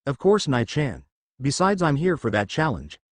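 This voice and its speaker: A man's voice: medium pitch, big pitch swings, normal speed, no room sound, studio quality. A man voicing a bold, hard-drinking young ninja woman in a read-aloud story. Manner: cocky, brash.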